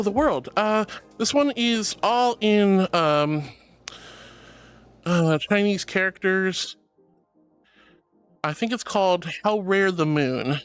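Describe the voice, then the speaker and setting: A woman's voice: fairly low pitch, fairly bright tone. A woman streamer in casual live-stream chat, giggly and bubbly as she reads chat messages aloud.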